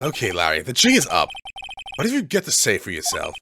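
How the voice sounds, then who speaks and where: A man's voice: lowish voice, huge pitch swings, brisk, vocal fry, background noise, voice pushed down, exaggerated voice. A man voicing a stern, haughty male prosecutor who speaks in a curt, dry, scolding way. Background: game music.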